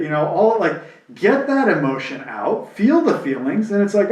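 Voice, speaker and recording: A man's voice: sits high, sing-song, moderate pace, a little mellow, recorded from a distance. A man from New Jersey chatting candidly and reflectively, acting out quoted voices as he tells stories. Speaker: podcast co-host. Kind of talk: casual chat. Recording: roomy, mic set back.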